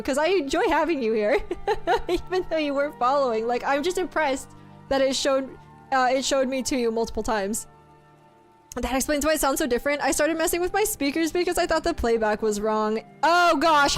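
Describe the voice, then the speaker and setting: A woman streamer chatting casually with her viewers, giggling often and reading their messages aloud. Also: high voice. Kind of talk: casual live-stream chat.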